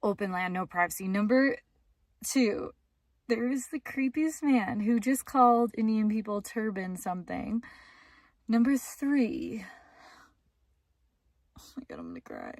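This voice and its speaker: High-voiced exasperated woman vlogging. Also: a little mellow, no room sound. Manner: exasperated ranting, listing complaints. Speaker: travel vlogger. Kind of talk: casual vlog talking to camera.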